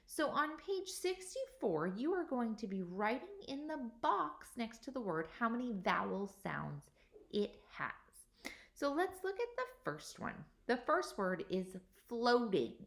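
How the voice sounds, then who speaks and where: A woman teacher giving a recorded workbook lesson to young children, slow and patient, sounding out each vowel. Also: medium pitch, fairly bright tone.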